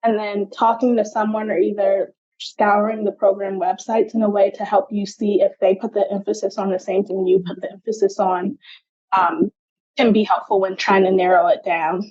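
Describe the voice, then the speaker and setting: A woman's voice: medium pitch, little pitch movement, normal speed, darkish tone, dull audio. A young adult woman, a genetic counselor, answering interview questions in a chatty way, often saying "like".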